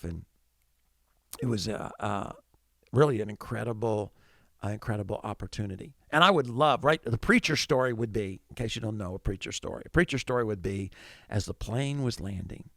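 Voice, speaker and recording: A middle-aged pastor tells a story from the pulpit, voicing his own thoughts as he goes. His voice has a gravelly edge. The sound is dry and close, with no room around it. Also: mid-range voice, fairly bright tone, no echo. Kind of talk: storytelling sermon.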